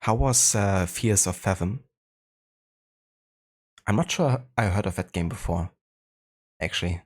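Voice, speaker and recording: A German-accented man hosting a live game stream, his voice sitting very low and deep. He talks in a relaxed, easygoing way, greeting viewers and thinking aloud with plenty of small fillers. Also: unhurried. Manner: laid-back, chatty, greets viewers, frequent fillers. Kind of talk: casual live-stream chat.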